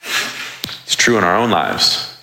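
A man's voice: deep voice, expressive, slow, echoey room, big-room sound, noisy background. A man in his twenties preaching casually, joking as he tells stories from his life as a father. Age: 20s. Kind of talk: sermon with personal stories.

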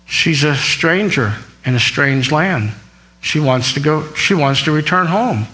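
Bright-voiced man preaching. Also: on the high side, animated, measured pace, poor audio. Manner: reads scripture aloud and paraphrases it, asks the listeners questions. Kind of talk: sermon, Bible teaching.

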